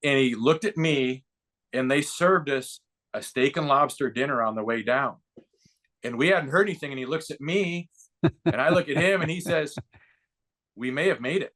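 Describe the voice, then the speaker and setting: A man in his fifties spins a long anecdote in relaxed, conversational interview style. His voice sits at an ordinary middle pitch and swings up when the story excites him. He slips into the voices of the people he quotes. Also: moderate pace, pauses often. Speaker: podcast guest, baseball broadcaster and former player.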